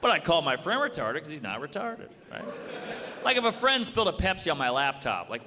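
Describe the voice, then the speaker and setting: A man doing a stand-up routine on a club stage, delivering blunt, deadpan jokes and acting out quick bits of dialogue. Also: fairly high pitch. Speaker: stand-up comedian. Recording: live club with audience noise and reverb. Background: laughing audience.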